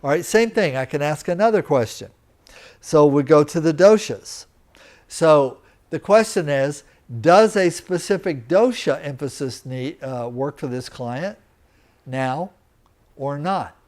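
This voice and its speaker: A man lectures to a small class at an unhurried pace, his voice sitting a little high for a man. He walks through each step carefully and often stops to ask whether his students understand. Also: a little mellow. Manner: slow, deliberate, checks in with students. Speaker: teacher. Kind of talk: live lecture. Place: teaching center room.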